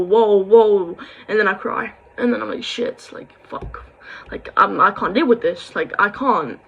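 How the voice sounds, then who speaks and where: A young woman vlogger rambles to camera through a sad personal story, filling it with quoted dialogue and sighs. Her mid-range voice is a bit bright, and the sound is lo-fi.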